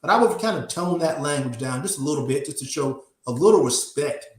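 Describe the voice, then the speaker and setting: Echoey-voiced defense attorney guest. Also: male voice, a little high, animated, a crowd in the background. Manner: measured, repeats words while thinking. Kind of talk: conversational legal analysis.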